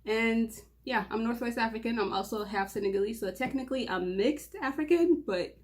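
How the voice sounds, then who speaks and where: A woman's voice: on the high side, a little fast. Young woman, nervous and giggly, rambling casual vlog talk, stumbles and restarts. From Mauritania. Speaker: channel host.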